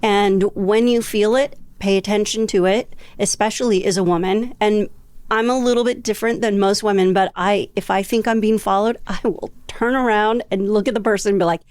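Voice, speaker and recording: Woman, fifties, podcast guest, upbeat storyteller, medium pitch, dry recording. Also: steady tone, a little fast, a little mellow, clear, resonant tone, no echo. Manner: upbeat, storytelling, laughs easily. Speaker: guest traveler. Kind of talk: podcast interview.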